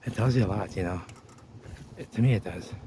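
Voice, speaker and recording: A man's voice: fairly low pitch, fairly quick, warm tone, slight background noise. A man narrating an exploring vlog outdoors, rambling to viewers while he walks and points things out. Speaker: vlogger. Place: outdoors by a river wall.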